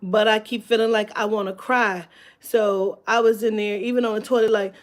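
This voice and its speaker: A woman's voice: medium pitch, fairly even intonation, moderate pace. A woman chatting on a live stream from home, rambling and candid, swearing freely with lots of fillers. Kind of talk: casual live-stream chat.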